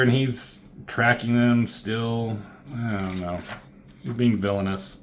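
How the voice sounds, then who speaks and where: A man giving a casual, rambling comic book review, swearing freely and filling pauses with "um". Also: on the low side, a bit bright, slight background noise. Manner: rambling, profane, lots of fillers.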